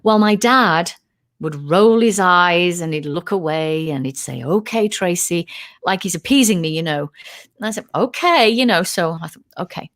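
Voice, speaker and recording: A woman's voice: lowish voice, moderate pace. A middle-aged woman from the United Kingdom, telling a story in a casual interview and acting out quoted voices. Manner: animated, acts out quoted voices. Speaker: guest, UFO researcher.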